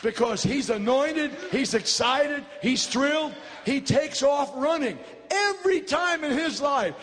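A man preaching a fiery revival sermon in a large church, shouting and dramatic. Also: very high voice, lively intonation, a little slow, long reverb tail. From United States. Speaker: pastor.

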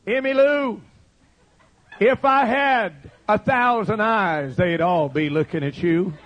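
A man preaching, telling a joke as a lovesick country man courting his sweetheart in a slow crooning voice. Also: high-pitched, muffled recording, pitched below the performer's own voice. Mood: doting.

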